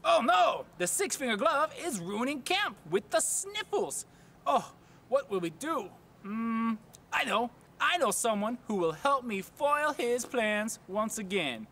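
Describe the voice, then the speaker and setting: Here is a bright, bouncy sock puppet hero, put on by a man in a homemade puppet skit. He talks slowly, swooping high and low like an eager presenter, and a faint hiss sits behind him. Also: sing-song, heavily acted. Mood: excited. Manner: eager, sing-song presenter. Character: cheerful male talking sock puppet hero.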